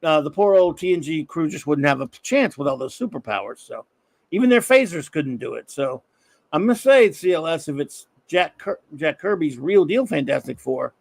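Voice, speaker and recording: A man's voice: on the high side, lively intonation, normal speed, creaky, a little mellow, dry recording. A middle-aged man hosting a live stream, rambling and joking as he answers chat comments. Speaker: live-stream show host.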